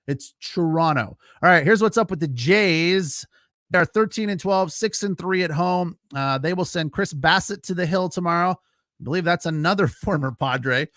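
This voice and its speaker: Chatty, bright-voiced male sports podcaster. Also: fairly high pitch, no echo, studio quality. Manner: casual, chatty, frequent fillers, laughs easily. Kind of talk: solo postgame recap reading live chat.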